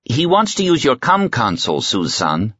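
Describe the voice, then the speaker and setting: A man's voice: mid-range voice, wildly swooping pitch, normal speed, a bit bright, breathy edge, dry recording, pitched above the performer's own voice, exaggerated voice. A man voicing an eager, friendly man who is leading a guest around, in an audiobook. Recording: slightly muffled dry audiobook recording.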